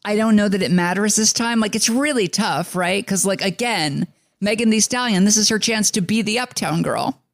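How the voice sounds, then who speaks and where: A man's voice: sits high, moderate pace, gravelly, fairly bright tone, no room sound, studio quality. A man from the New York suburbs co-hosting a music podcast in a rambling casual chat, full of fillers and restarts. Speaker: podcast co-host.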